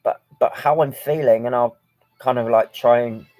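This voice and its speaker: A man's voice: medium pitch, steady tone, moderate pace, darkish tone, no echo, soft background music, rough recording. A man talking frankly to camera in a personal vlog, rambling with many filler ums. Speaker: vlogger.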